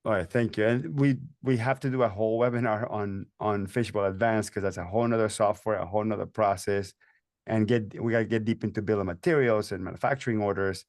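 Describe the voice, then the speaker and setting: A man's voice: fairly low pitch, fairly even intonation, a little fast, darkish tone, no room sound. Dry-sounding enthusiastic male host. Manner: enthusiastic, talks in bursts with many restarts and fillers. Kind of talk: webinar interview.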